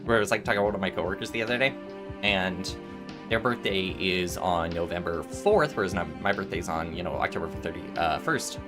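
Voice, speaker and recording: With music in the background, a low-pitched man in his twenties chats on a gaming stream, rambling through stories and frequently starting over. He sounds animated and talks fairly quickly.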